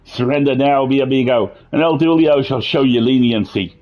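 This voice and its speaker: A man's voice: mid-range voice, moderate pace, lightly acted. An Irish man voicing a boastful masked wrestler with a Spanish flair, hammy and fond of speaking of himself in the third person. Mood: triumphant. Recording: dull lo-fi sound.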